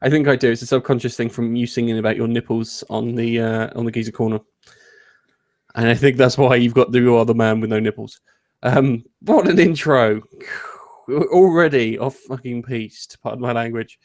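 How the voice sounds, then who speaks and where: A man's voice: medium pitch, moderate pace. A man hosting a casual gaming news chat, rambling, jokey and often interrupting himself. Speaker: host.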